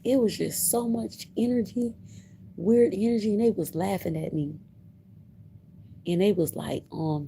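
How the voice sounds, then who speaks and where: Slow-talking woman telling a story. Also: mid-range voice, gravelly, dark tone, slight background noise. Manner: emphatic, repeats herself, laughs between lines. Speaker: livestreamer. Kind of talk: casual livestream storytelling.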